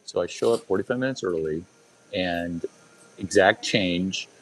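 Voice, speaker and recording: A man telling a casual story to a group in quick bursts, repeating lines and firing rhetorical questions at his listeners. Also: deep voice, a little hiss or hum, rough recording.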